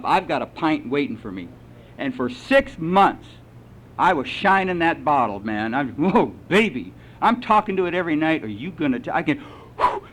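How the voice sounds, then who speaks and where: A man telling his recovery story to a meeting, salty and animated, with lively asides. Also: fairly high pitch, low-quality recording. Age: older. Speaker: AA meeting speaker.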